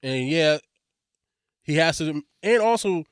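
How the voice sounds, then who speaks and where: A man with a slightly raised pitch talks loosely on a podcast, circling back and restarting his thoughts, swearing as he goes. His voice is close and dry, with no room sound around it. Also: expressive, slow pace, smooth, no echo. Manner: rambling, frequent restarts, heavy swearing. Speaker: podcast co-host. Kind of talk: casual podcast chat.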